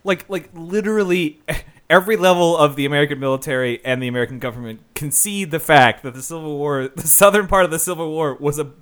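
A man's voice: on the high side, quick pace, fairly bright tone. A man co-hosting a casual movie review podcast, ranting emphatically and laughing often. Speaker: podcast co-host.

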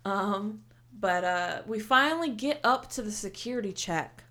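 A young woman telling a story in casual chat, animated and heated, swearing often and filling with "like". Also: mid-range voice, a little slow. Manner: heated, animated retelling with heavy swearing and many "like" fillers.

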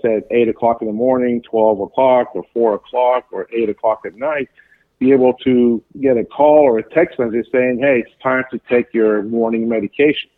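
A man talking as a guest in an interview, explaining at length with halting speech, frequent fillers and restarts. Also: medium pitch, fairly even intonation, no echo. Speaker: pharmacy business guest. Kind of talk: casual interview chat. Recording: tinny phone line.

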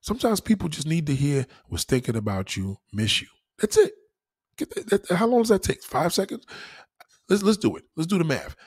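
A man on his own channel, giving casual advice in an animated, preachy way, swearing freely. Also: sits high, a little fast, husky. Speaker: YouTuber.

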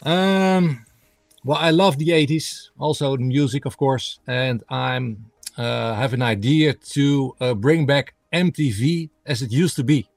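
Halting man, dry sound. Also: mid-range voice, vocal fry, dry recording. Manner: halting, many fillers while searching for English words. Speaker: guest, radio host and music blogger. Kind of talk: interview answers in a second language.

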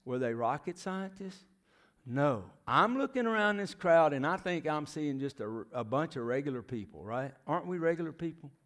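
A man's voice: fairly high pitch, sing-song, moderate pace, a bit bright. A middle-aged man, preaching a folksy, storytelling sermon in a church as a visiting missionary. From United States. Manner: folksy storytelling, asks the crowd questions. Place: church sanctuary.

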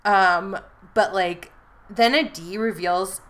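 A woman co-hosting a podcast, chatting casually with quick asides, laughter and playful put-on voices. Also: medium pitch, fairly bright tone. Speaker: podcast co-host. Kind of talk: casual chat.

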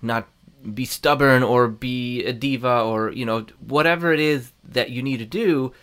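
A man hosts a relaxed interview and asks long, rambling questions. He talks in a casual, chatty way with an average-pitched voice. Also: normal speed, clean tone. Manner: chatty, many fillers and restarts. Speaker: interview host.

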